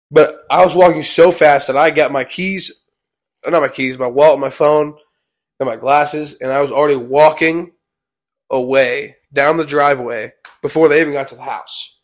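A man's voice: on the high side, steady tone, normal speed. A young man telling a personal story in a casual vlog. He rambles and keeps repeating "I was like.". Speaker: vlog co-host.

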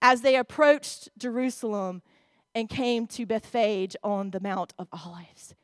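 A woman's voice: on the high side, measured pace, no echo, clean studio sound. A woman, preaching a sermon in a church, reading scripture aloud and speaking expressively to the congregation.

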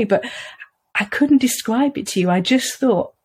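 A woman's voice: on the high side, lively intonation, a little slow, a little mellow, husky. A middle-aged woman, an earnest podcast guest who talks reflectively and often laughs. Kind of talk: conversational interview.

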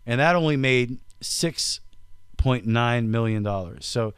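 A man hosting a podcast in casual chat, talking fast and teasing his co-host. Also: medium pitch, smooth, dry recording, studio quality.

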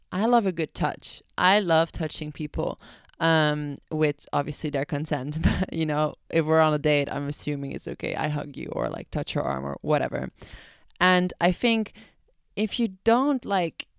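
A woman's voice: deep voice, vocal fry, clean tone, dry recording, studio quality. A young American woman hosting a podcast, chatting bluntly and casually and swearing freely. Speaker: podcast host. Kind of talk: casual chat.

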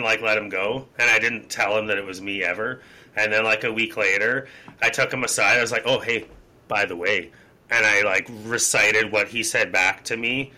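Bright-voiced man telling stories. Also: fairly low pitch, poor audio. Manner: animated storyteller, slips into put-on voices. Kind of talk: casual chat.

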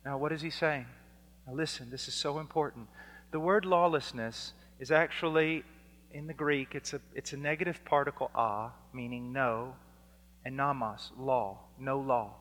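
A man preaching a fiery sermon, dropping to a hush and then rising to shouts as he acts out exchanges. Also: medium pitch, normal speed. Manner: swings from hushed to shouting, acts out dialogues. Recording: long hall reverb.

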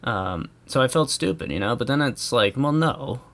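A man's voice: mid-range voice, expressive, moderate pace, fairly bright tone. An American man ranting casually in a rambling, profane way, chuckling often. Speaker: vlogger. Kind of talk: casual comedic rant.

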